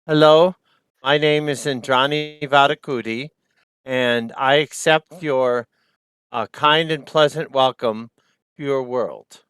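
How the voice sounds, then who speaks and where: A man voicing a polite female diplomat who speaks in a clear, measured way. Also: mid-range voice, fairly bright tone, no echo. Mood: formal.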